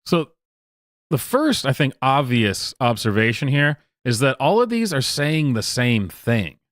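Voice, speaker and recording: Lively, mocking male streamer. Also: mid-range voice, a little slow, no echo, clean studio sound. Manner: rambling, mocking, with frequent laughs and filler. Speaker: streamer host. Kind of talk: casual live-stream commentary.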